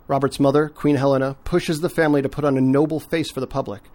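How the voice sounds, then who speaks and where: A man co-hosting a podcast in casual chat, measured and dry, with deliberate delivery. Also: medium pitch, little pitch movement, darkish tone. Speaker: podcast co-host.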